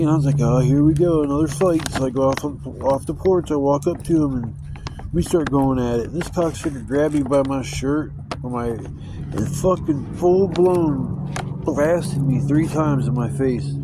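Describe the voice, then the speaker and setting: A man's voice: on the high side, noisy background. A man telling rambling, profane stories in a casual vlog. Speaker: vlogger. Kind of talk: casual storytelling.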